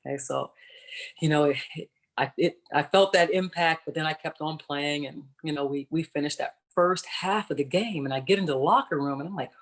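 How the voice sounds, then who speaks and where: A former professional basketball player in her forties speaks fairly quickly in a deep voice as a panelist on a virtual video-call panel. Telling her personal story, she stays conversational, explains as she goes, and checks in with "right?".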